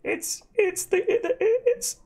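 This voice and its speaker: Tiny weeping gnome man, stuttering, very high squeaky boo-hoos, tabletop game. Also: slow, a little mellow, exaggerated voice. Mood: sobbing. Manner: high wailing boo-hoo sobs, stammering. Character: small sobbing exhausted male gnome.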